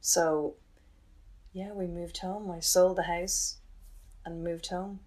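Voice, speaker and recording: A woman, recounting a painful chapter of her life in an interview with candid, halting restarts. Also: on the low side, level tone, a little mellow. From Ireland. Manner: candid, halting, emotional retelling with many restarts. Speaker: interview guest. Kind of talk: personal storytelling.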